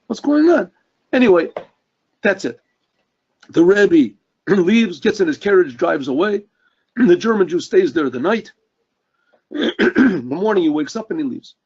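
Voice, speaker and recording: Brief: earnest male rabbi, storytelling sermon; husky, high-pitched. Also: a little slow, long pauses. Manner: earnest, animated storytelling with throat clearing. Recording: dull lo-fi recording.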